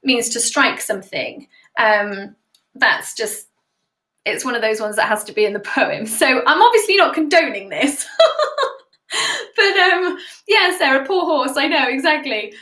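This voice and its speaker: A woman's voice: sits high, animated, unhurried, bright, forceful tone, reverberant. A British woman hosting a casual live stream as a singer, chatting and giggling while she reads out viewer comments.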